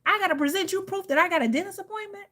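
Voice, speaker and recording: A woman's voice: very high voice, very fast. A woman, telling a heated, profane story to her viewers. She sounds tired and irritated. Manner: heated, profane, animated storytelling with quoted outbursts. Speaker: tarot reader and channel host. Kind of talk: casual venting story to viewers.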